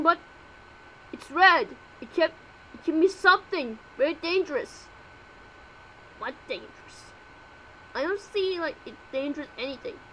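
Woman doing every voice in a fan cartoon, high and bright, unhurried lines broken by yelps. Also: slight background noise, low-quality recording. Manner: yelps and exclaims, frantic cartoon dialogue. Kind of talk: voicing a homemade fan cartoon.

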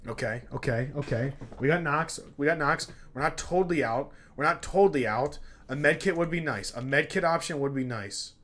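A man giving let's play commentary as a gaming YouTuber, talking to his characters, repeating himself, pleading and excitable. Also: on the high side, moderate pace, hardly any pauses.

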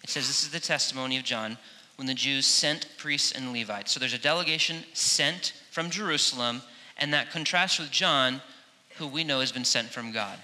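Bright-voiced man preaching a sermon. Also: mid-range voice, moderate pace. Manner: animated, acts out quoted speech with playful emphasis. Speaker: pastor. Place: large church sanctuary. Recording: long hall reverb in a church.

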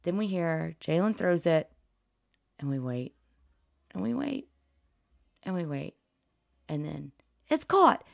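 A woman recaps the game in a low, gravelly voice that is close to giving out. She tells her story excitably. The recording is dry and close. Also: takes it slowly, pauses often, no room sound. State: nearly losing her voice. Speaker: podcast host. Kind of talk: casual sports recap.

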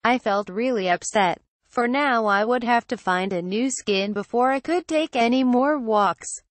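Calm woman narrating a horror tale. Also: fairly high pitch, no echo. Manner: calm, measured storytelling. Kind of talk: scripted horror story narration.

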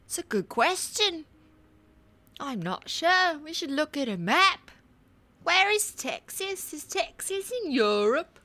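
A woman voicing a clueless, dim-witted young woman who asks naive questions in a high, airy voice. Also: big pitch swings, takes it slowly, bright, forceful tone, no room sound, exaggerated voice. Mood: mock-clueless.

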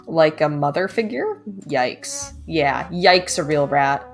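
A woman streaming a game, playfully reacting aloud with frequent laughter, slightly low voice. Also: animated, slow, soft background music. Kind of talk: let's play commentary.

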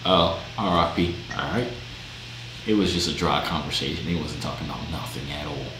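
A man chatting with strangers on a video chat, loud, joking and slangy, in a gaming room. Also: a bass voice, brisk, faint music behind. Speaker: vlogger chatting with strangers online. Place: gaming room with sound panels. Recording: echoey room, faint background noise.

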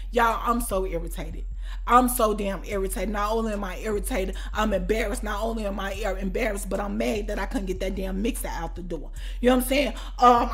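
A woman vlogger telling a story in a casual, animated way, swearing often and quick to shout. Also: high-pitched.

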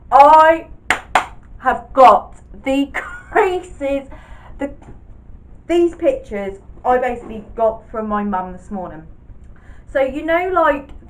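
A young woman talks to her camera at home in a loose, chatty way, swearing freely and laughing at herself. Her voice sits a little high. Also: rough recording. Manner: chatty, sweary, self-mocking. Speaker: vlogger. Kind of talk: casual chat to camera.

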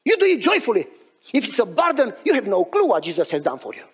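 Animated husky-voiced preacher man. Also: very high-pitched, fast talker. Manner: animated storytelling, acting out dialogue. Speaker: pastor. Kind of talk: sermon.

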